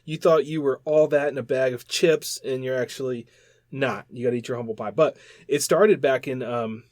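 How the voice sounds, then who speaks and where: A man co-hosting a podcast in casual chat, animated and rambling, often repeating words as he explains. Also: medium pitch, moderate pace, no room sound, studio quality. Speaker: podcast co-host.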